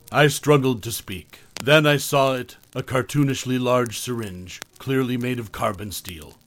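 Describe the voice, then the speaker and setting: A man reading a horror story aloud as a podcast narrator, measured, sinking soft and low at tense moments. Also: faint music behind. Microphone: close studio mic, dry.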